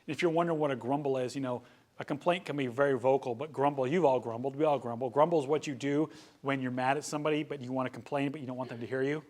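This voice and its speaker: A young man preaching a sermon to young adults, animated and joking, with frequent storytelling asides. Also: mid-range voice, fast. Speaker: youth pastor.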